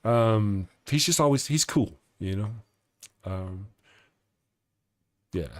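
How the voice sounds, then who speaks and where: A man's voice: lowish voice, lively intonation, takes it slowly, dry recording, clean studio sound. A man hosting a live stream in casual chat, rambling and chuckling as he reads viewer comments aloud. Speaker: live-stream show host.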